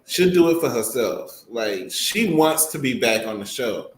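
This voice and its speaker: A man's voice: mid-range voice, animated, unhurried. A man co-hosting a casual gossip chat, matter-of-fact and opinionated. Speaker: co-host. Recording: roomy echo, faint noise.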